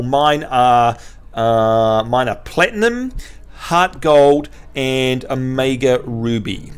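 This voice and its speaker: A man with a New Zealand accent hosting a game live stream, reading chat messages aloud in a chatty, joking way. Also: fairly high pitch. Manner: chatty, reads chat aloud, jokey outbursts.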